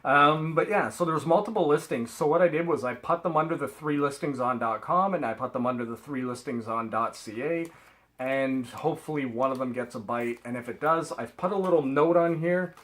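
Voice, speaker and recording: A man's voice: on the high side, fairly quick, a bit bright, rough recording. A middle-aged man from Canada, rambling chattily through a haul vlog and laughing at himself. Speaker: reseller vlogger.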